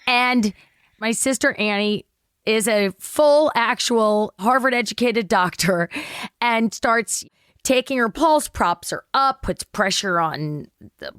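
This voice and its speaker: A woman guest telling an animated, self-mocking story in casual chat, swearing freely. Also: a little high, slow, smooth, dry recording.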